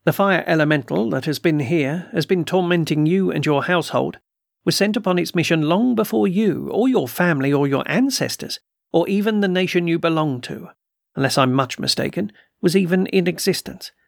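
A man voicing a calm, measured occult doctor who speaks quietly and with slow deliberation in an audiobook reading. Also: a little high, gravelly, dry recording, studio quality.

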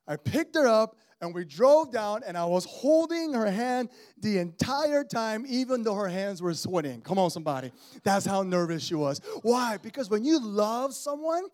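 Animated high-voiced male preacher. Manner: animated, conversational preaching with call-outs to the congregation. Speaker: pastor. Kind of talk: sermon.

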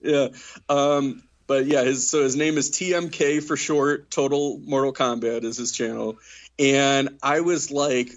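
A man's voice: mid-range voice, fairly even intonation, a little slow. Rambling man on a dull podcast mic. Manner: rambling, filler-heavy, giggly. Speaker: podcast co-host. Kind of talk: casual chat.

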